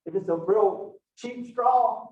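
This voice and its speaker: A college anatomy and physiology instructor lectures slowly and loosely, chatting and joking with students in a folksy manner with Southern phrasing. His voice is high for a man, and he's captured from a distance in an echoey room on dull, lo-fi audio.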